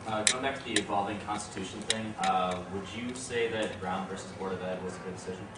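Low-voiced man asking from the floor. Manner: halting, restarts phrases. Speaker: audience member asking a question. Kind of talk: question from the floor. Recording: echoey hall from far off, loud noise.

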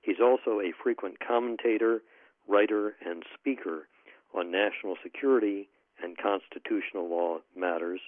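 Deep-voiced man moderating over a phone line. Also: no room sound. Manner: measured, formal delivery. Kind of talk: formal event introduction. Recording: tinny phone-like line, dry.

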